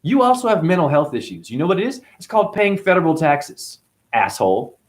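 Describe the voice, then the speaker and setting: A man's voice: on the high side, wildly swooping pitch, brisk. A man hosting his own channel, delivering a combative, mocking, profane rant to camera. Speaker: channel host. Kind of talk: profane ranting monologue to camera.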